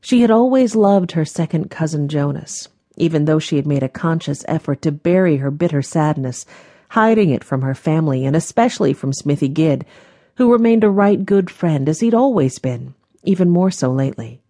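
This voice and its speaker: A woman reading an audiobook as its narrator in a measured, gentle manner. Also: deep voice, expressive, dry recording, clean studio sound. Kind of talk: scripted narration.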